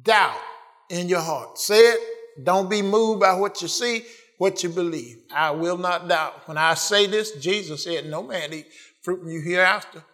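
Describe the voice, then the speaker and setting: A man preaching a sermon with fervent emphasis and repeated amens, swinging between quiet asides and loud declarations. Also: high voice, a little slow.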